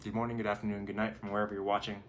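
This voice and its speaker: A man's voice: fairly low pitch, level tone, rapid-fire, fairly bright tone, a little hiss or hum. A man, a life coach hosting his own channel, talking casually and rambling a little as he acts out his own thoughts. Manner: conversational, rambling, acts out inner thoughts in quotes. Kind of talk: casual motivational talk to camera.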